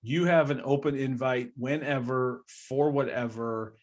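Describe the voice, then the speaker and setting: A man's voice: medium pitch, fairly even intonation, measured pace. Effusive, grateful male podcast host. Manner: effusive, grateful, laughs often. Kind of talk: casual interview wrap-up. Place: from Columbus area.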